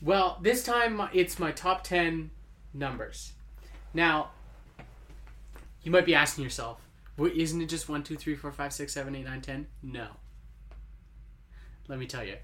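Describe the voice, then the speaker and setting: A man co-hosting a comedy show, delivering absurd bits with an earnest, deadpan manner. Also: on the high side, a little slow, pauses often. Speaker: co-host. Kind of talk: comedy sketch banter.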